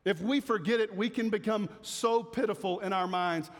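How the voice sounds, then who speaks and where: A man preaching a sermon as pastor, animated, swinging between loud emphasis and soft asides. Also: high voice, moderate pace, big-room sound.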